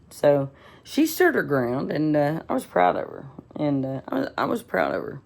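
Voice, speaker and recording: A woman's voice: low-pitched, very animated, unhurried, gravelly, darkish tone. A woman telling a rambling, indignant story in a casual vlog, full of fillers and restarts. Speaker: vlogger.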